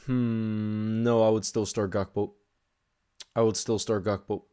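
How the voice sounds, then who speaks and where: A man's voice: on the low side, a little slow, clear, resonant tone. Chatty young man streaming a match. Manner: chatty, bursts into excited shouts at big moments. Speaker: football streamer reacting live. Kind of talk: casual live watch-along chat, reading viewer messages.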